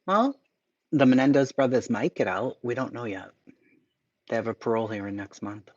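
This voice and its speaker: A man's voice: mid-range voice, normal speed, a little mellow, no room sound, muffled recording. A man hosting a casual livestream, reading chat aloud with profane, sarcastic asides and mutters. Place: home, dogs barking nearby.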